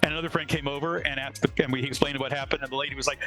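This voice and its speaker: Bright-voiced man telling a story. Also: mid-range voice, fairly even intonation, racing, hardly any pauses, soft background music, rough recording. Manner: rambling anecdote, quoting others. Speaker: convention organizer. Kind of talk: casual storytelling on a live show.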